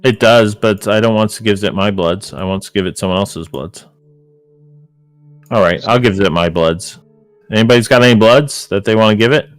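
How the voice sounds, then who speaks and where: A man's voice: lowish voice, normal speed, dry recording, faint music behind. A man playing a tabletop game, chatting casually and joking with many fillers. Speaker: player.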